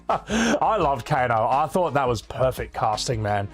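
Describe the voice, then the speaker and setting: A man's voice: medium pitch, sing-song, a little slow, soft background music. A man chatting casually on a live stream, blunt and opinionated, swearing freely and rambling through his points with restarts.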